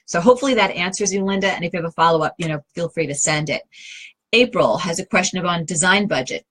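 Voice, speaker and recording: A woman's voice: fairly low pitch, animated, fast, fairly bright tone, rough recording. A middle-aged woman with a New York accent, an interior design advisor answering viewer questions in a chatty, direct way with many fillers and restarts.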